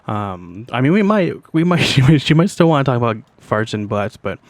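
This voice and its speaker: A man's voice: mid-range voice, big pitch swings, brisk, no echo. A young Canadian man hosting a podcast, telling a story in a loose, profane way with constant "like" and "you know what I mean". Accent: Canadian English. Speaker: podcast host. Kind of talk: casual storytelling monologue.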